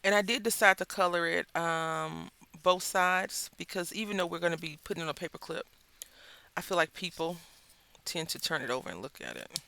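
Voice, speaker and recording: A Southern-accented woman hosts a craft video from her table and chats her way through the work in a loose, rambling storytelling style. Her voice has a gravelly, fry-edged texture and a bright, forceful tone. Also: fairly low pitch, lively intonation, a little fast. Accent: Southern American. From Southern United States. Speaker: craft channel host. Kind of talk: casual chat while crafting.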